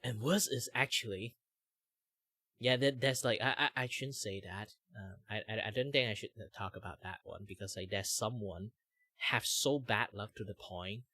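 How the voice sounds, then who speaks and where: Junger Mann mit malaysischem Akzent, heller Klang. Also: male voice, lowish voice, moderate pace, no room sound. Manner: rambling, many "like" fillers, animated impressions. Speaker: streamer host. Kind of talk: casual chat while drawing.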